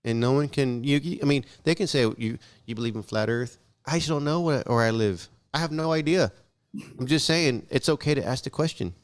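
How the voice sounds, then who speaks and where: This podcast guest, a young man, speaks a little fast in a fairly high voice. His stories come out blunt and laced with swearing as he chats casually and animatedly performs the dialogue.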